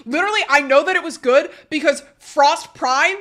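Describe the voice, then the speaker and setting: High bright-voiced young woman streamer. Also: moderate pace, hardly any pauses. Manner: rambling, excitable storytelling. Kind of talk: casual live-stream chat.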